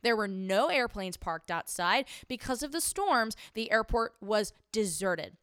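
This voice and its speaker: Young woman, indignant commentary, bright voice, animated delivery, dry close sound. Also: mid-range voice, unhurried, clean tone, no room sound. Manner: indignant, sarcastic, rhetorical questions. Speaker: political commentator. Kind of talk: opinionated commentary monologue.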